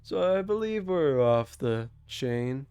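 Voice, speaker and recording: A man's voice: mid-range voice, sing-song, takes it slowly, warm tone, smooth. A man voicing a smug, flirtatious male succubus demon in a tabletop game, drawing out his words with a teasing lilt.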